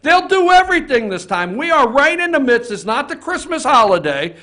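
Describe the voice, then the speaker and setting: A man's voice: very high-pitched, big pitch swings, normal speed, bright, forceful tone. A man hosting an opinion talk show from an office, ranting heatedly and swearing often.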